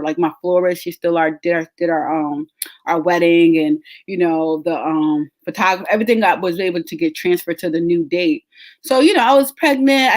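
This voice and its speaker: A woman, a podcast host telling a story in casual, chatty talk straight to her listeners. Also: on the low side. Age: 30s. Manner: chatty, addresses listeners as y'all.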